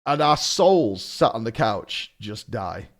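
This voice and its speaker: A man chatting on his stream, his voice rising and falling over a lively range as he recounts a mishap. He swears casually and breaks into laughter, keeping the tone loose and conversational. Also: medium pitch, slow. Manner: animated storytelling, swearing and laughing. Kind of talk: casual chat.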